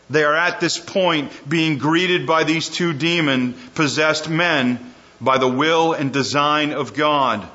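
A man preaching a verse-by-verse sermon in a bright, forceful voice set a little high. He slows and sinks his voice on the lines he wants to land. The recording sounds dull and lo-fi. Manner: slows and drops low on key phrases. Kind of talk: expository sermon.

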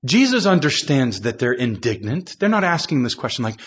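A man's voice: medium pitch, big pitch swings, a little fast, breathy edge, highs cut off. A man preaching a sermon, reading scripture aloud and acting out quoted voices, building to impassioned emphasis.

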